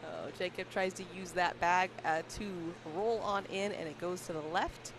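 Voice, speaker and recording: Female color commentator, chatty and giggly, outdoor mic with clear traffic noise. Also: lowish voice, moderate pace. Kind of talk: live sports commentary.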